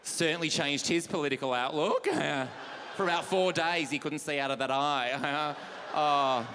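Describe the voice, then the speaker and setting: A man's voice: on the high side, measured pace, bright, forceful tone, slight background noise. A young man performing a stand-up set, telling stories in a camp, flamboyant way and breaking into shrieking quoted voices. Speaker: stand-up comedian. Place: large comedy theatre stage. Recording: live stage recording in a large reverberant hall.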